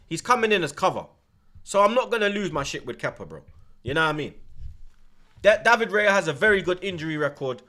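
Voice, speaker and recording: A man's voice: fairly high pitch, pushed and bright. A young man, hosting a football watchalong and ranting emphatically in street slang. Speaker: watchalong host. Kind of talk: heated football rant.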